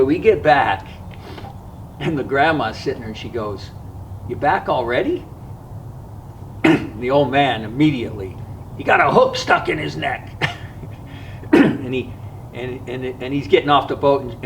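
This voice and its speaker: A man of middle pitch tells a personal story in an earnest, reflective way, stopping now and then to find his words. He sounds set back from the microphone. A faint hiss of background noise runs underneath. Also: far from the mic, rough recording. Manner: earnest, reflective, often pausing to regather his thoughts. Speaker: fishing vlogger.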